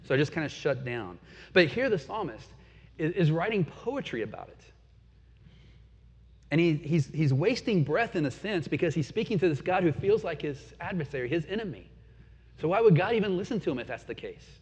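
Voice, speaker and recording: A man preaching a sermon in an earnest, reflective way, asking the listeners questions and dropping to quiet pauses. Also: fairly high pitch, sing-song, breathy edge. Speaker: pastor. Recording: dull lo-fi sound with long hall reverb.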